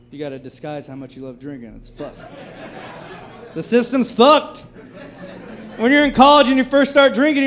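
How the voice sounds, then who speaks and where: A man in his thirties doing a brash, profane stand-up comedy set at a comedy club. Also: high voice. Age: 30s. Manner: brash, profane, animated delivery. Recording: live club recording with crowd laughter. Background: audience laughter.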